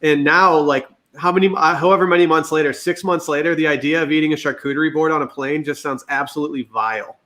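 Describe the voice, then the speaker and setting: Man with wry, deadpan humor in banter. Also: on the high side, fast, hardly any pauses, slight background noise. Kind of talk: casual banter between friends.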